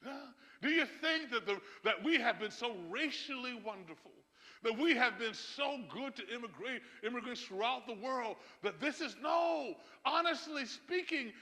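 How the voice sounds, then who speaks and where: With a very high-pitched, animated, sharp voice at a moderate pace, a man preaches to his congregation. Emphatic, he chuckles and turns to the listeners with asides, while the church sanctuary adds long hall reverb.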